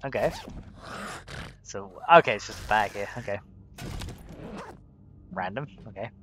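A young man giving a let's play commentary, chatting as he plays with sudden excited exclamations. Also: fairly low pitch, a little slow, a little hiss or hum. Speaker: gaming video host. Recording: game sounds with insect buzz behind.

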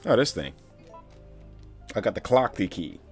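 A man's voice: lowish voice, big pitch swings, a little slow, soft background music. A man giving casual, profane commentary while playing a video game, grumbling and talking back to the game itself. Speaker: streamer.

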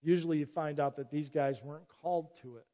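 Long reverb fills the church sanctuary as a middle-aged pastor gives his sermon. His voice is on the high side, steady, quick and mellow, and he speaks with earnest emphasis, often breaking in with "listen."

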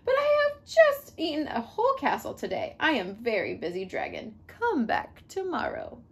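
Woman doing a bragging sleepy storybook dragon, stretched-out words, swooping up high. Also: wildly swooping pitch, normal speed, full character voice. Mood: boastful. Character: boastful lazy male dragon, big and sleepy. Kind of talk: storybook read-aloud.

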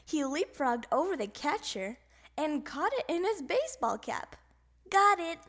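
A woman reading a children's picture book aloud in an animated, expressive way. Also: high-pitched, normal speed. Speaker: storybook reader. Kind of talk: children's storybook read-aloud.

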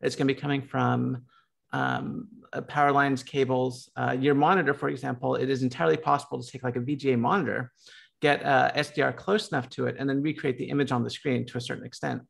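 Gravelly American man, filler-heavy talk. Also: mid-range voice, flat delivery, quick pace, a bit bright. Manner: lots of filler words and restarts. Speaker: panelist. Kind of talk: casual panel discussion.

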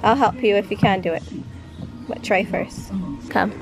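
Over music and the noisy ambience of an outdoor park and wildlife reserve, with animals in the background, a vlogging mom coos at her toddler. She uses a mid-range voice with vocal fry at normal speed, her baby talk playful, coaxing, and lilting like a song.

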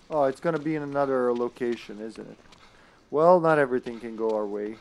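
A man's voice: mid-range voice, brisk. Chatty man streaming a game. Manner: chatty, thinks aloud, laughs, sudden excited outbursts. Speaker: streamer playing online co-op. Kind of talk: live gameplay commentary.

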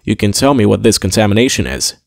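A man's voice: lowish voice, very animated, fast talker, gravelly, no room sound, clean studio sound, exaggerated voice. A man voicing a blunt, impatient male admiral in an audiobook, curt and brooding. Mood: terse. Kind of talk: audiobook character voice.

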